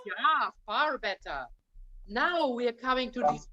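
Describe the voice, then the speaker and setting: High-voiced woman vocal coach. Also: big pitch swings, measured pace, sharp tone, dull audio. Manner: direct, insistent, calls the singer darling. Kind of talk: opera masterclass coaching.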